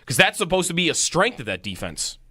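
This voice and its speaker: A man's voice: on the high side, big pitch swings, a little fast, bright, forceful tone, no echo, clean studio sound. A man co-hosting a sports talk radio show, thinking aloud about football with frequent restarts.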